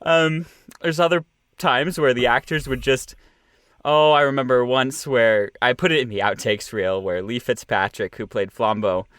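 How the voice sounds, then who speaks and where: A man's voice: mid-range voice, fairly bright tone, clear, resonant tone, no room sound, studio quality. A young man, an audio producer and director, talking in a casual interview with many fillers and restarts. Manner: halting, many fillers and restarts, laughs often.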